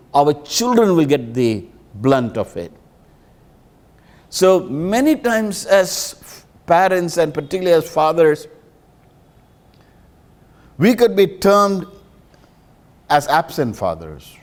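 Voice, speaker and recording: A man's voice: very animated, slow pace, pauses often. A man preaching a sermon as a pastor and counselor, emphatic and pleading. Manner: emphatic, pleading, with dramatic pitch swings.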